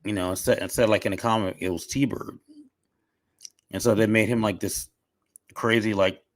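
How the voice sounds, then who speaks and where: A man's voice: fairly low pitch, steady tone, moderate pace, no room sound. A man chatting casually on a podcast, opinionated and restarting often, with a cough drop in his mouth. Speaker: podcast guest. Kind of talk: casual chat.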